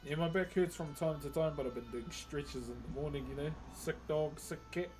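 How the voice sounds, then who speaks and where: Faint music plays behind this livestreaming wood carver, a New Zealander whose fairly high voice moves at a fairly quick clip. Working as he talks, he stays relaxed, reads out viewer comments, laughs a lot and says "bro" constantly.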